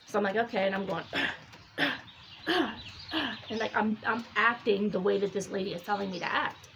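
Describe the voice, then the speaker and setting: A woman casually recounting a dream, rambling and animated, full of fillers and quoted speech. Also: medium pitch, a little hiss or hum, low-quality recording. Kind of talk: casual spoken storytelling.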